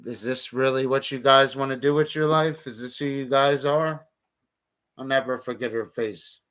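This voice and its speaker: A man's voice: medium pitch, steady tone, moderate pace, fairly bright tone, clean tone. A man streaming a casual monologue, talking bluntly and profanely with heated outbursts.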